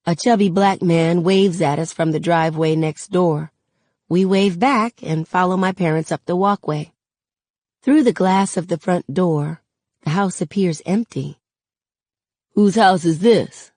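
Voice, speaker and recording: Woman, reading a novel aloud, low voice, steady, dry sound. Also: a little slow, no echo. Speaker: reader.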